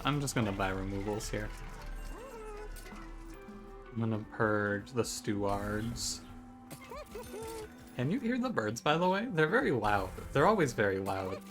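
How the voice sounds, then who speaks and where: Streamer, male, medium pitch, sardonic play-by-play with mock bravado; clear background music. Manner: wry, joking, mock trash-talk. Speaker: video game streamer. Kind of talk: gameplay commentary. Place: room at home by a window. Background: game music.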